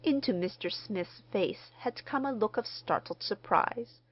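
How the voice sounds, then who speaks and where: A woman narrating an audiobook in a measured, expressive reading. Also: medium pitch, dry recording, highs cut off. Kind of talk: scripted narration.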